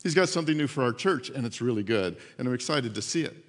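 A man preaching a sermon as pastor, telling a story in an animated way and acting out the voices in it. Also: medium pitch, quick pace, big-room sound.

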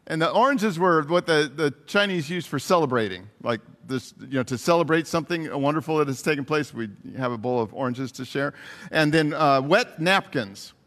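A man preaching a sermon, telling a story in a lively way and acting out what the people in it said. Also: on the high side, normal speed. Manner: animated storyteller, acts out quoted voices, chuckles between lines. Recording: reverberant hall.

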